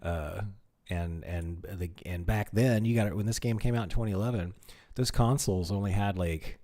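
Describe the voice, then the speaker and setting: A man's voice: sits low, moderate pace, mellow. A man hosting a livestream, commenting casually in a laid-back, rambling way and laughing easily. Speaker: livestream host.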